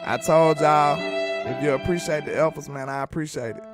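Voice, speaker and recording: A man's voice: a little high, normal speed, loud music behind the voice. Man hyping sports on a live stream. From Alabama. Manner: animated, joking, sing-song hype. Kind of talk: live-stream sports chat reading super chats.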